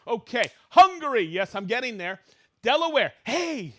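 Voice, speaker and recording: A middle-aged man hosting a live stream, excitedly reading out where viewers are watching from. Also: very high voice, moderate pace. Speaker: livestream host.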